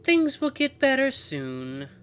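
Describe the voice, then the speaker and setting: A man voicing a distorted, eerie female voice that speaks through a walkie in choppy, halting phrases. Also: very high-pitched, wildly swooping pitch, fairly bright tone, a little hiss or hum, pitched above the performer's own voice, exaggerated voice. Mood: soft eerie.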